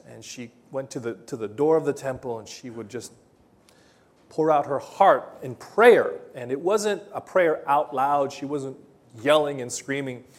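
A male pastor preaches slowly, retelling scripture stories with gentle, halting pauses. His voice sits at an ordinary middle pitch. He gathers his thoughts aloud and then carries on. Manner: hesitant, many ums and uhs, gentle storytelling. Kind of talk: sermon.

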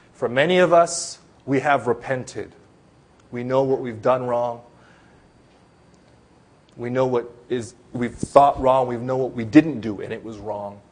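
A man's voice: medium pitch, husky. Conversational man preaching a sermon. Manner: conversational preaching with many fillers and restarts. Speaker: pastor.

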